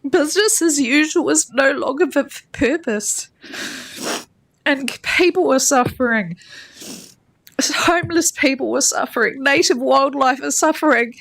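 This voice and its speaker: A woman's voice: high-pitched, measured pace, vocal fry, fairly bright tone. A woman councillor giving an impassioned, blunt council debate speech, emotional and near tears, at a chamber table microphone. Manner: impassioned and blunt, with plain swearing. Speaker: regional councillor.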